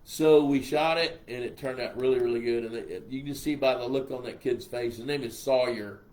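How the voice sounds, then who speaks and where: A man's voice: mid-range voice, fairly quick, darkish tone. Folksy older Texan man, rambling. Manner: folksy, rambling, reads comments aloud. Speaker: host answering viewer questions. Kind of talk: casual live-stream chat.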